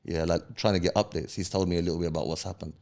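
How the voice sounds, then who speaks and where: Low-voiced man. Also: fairly even intonation, very fast, darkish tone. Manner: street slang, checks in with "yeah?" after each point; heated, emphatic retelling. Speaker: podcast guest. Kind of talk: casual storytelling interview.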